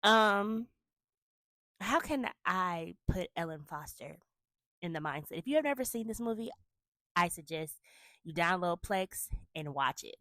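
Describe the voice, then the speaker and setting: A woman hosting a casual movie review, chatty and animated as she retells scenes with emphatic asides. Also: on the low side, measured pace, long pauses, no room sound, studio quality.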